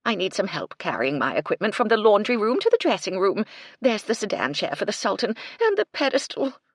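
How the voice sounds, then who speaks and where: A woman voices a fussy, irritable character, pitching above her own natural voice into a mid-range, sing-song tone delivered a little fast. The sound is clean studio audio with no room sound, and the irritated character speaks sharply, testily, and with exasperation.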